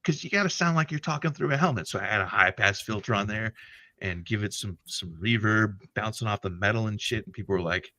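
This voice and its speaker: A man hosting a casual livestream chat, animated and profane, laughing often as he tells stories. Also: fairly low pitch, fairly quick, dry recording. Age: older than internet youth. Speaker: podcast host.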